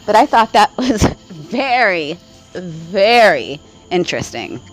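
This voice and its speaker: A woman's voice: medium pitch, sing-song, slow pace, soft background music, low-quality recording. A woman vlogger telling a spiritual story in casual, rambling talk, often checking in with "right?" and laughing along the way. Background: faint crickets.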